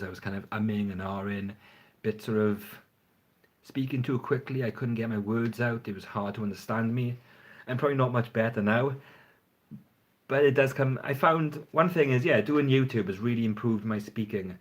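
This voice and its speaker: A man with a medium-pitched voice talks at normal speed on a phone livestream, filmed with the front camera. He's a fragrance reviewer, chatting casually and frankly, rambling and swearing now and then.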